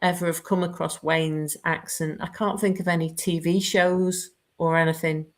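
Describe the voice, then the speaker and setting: A woman, chatting lively as an interviewer on a live stream. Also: lowish voice. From United Kingdom. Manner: chatty, lively, quick asides.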